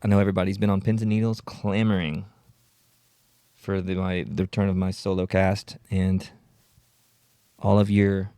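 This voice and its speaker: A man hosts his own solo podcast in a rambling, self-mocking chat. His voice is fairly low and gravelly. It is recorded dry and close on podcast gear. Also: a little mellow, dry recording. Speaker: podcast host. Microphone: podcast audio equipment.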